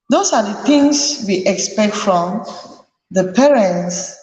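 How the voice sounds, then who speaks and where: A woman's voice: mid-range voice, animated, takes it slowly, a little mellow, lo-fi sound. A woman hosting a live parenting chat, earnestly advising parents and repeating her key points. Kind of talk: live talk to an audience. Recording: echoey room with long reverb.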